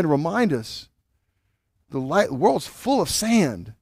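A man's voice: on the high side, very animated, slow pace, creaky, darkish tone, husky, no room sound. Conversational preacher, man, dry sound. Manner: conversational teaching with many restarts, rising intensity. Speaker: pastor. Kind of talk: sermon.

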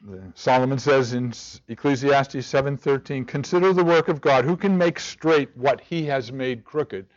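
A man's voice: mid-range voice, moderate pace, few pauses, highs cut off. A man leading a church study group, asking rhetorical questions and often restarting his words. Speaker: Bible study teacher. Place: room with a group of listeners.

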